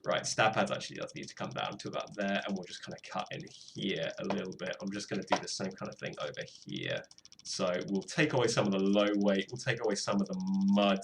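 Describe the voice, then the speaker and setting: A man's voice: sits low, fairly quick, a bit bright, slight background noise. A young British man chatting casually while he produces music on a live stream, self-deprecating and swearing freely. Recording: faint music behind voice.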